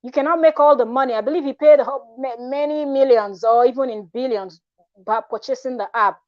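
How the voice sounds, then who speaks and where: A woman's voice: high voice, a little fast, no echo, lo-fi sound. Talkative woman, rambling commentary. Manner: rambling, frank and talkative, with restarts and trailing asides. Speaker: vlogger. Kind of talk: casual commentary vlog.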